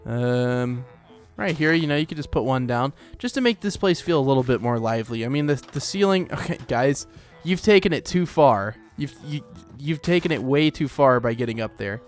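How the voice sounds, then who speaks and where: Guy chatting thru his let's play, rambly, mid pitch, soft music in the background. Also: lively intonation, moderate pace, few pauses. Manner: rambling, chatty, lots of fillers and laughs. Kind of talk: casual gameplay commentary.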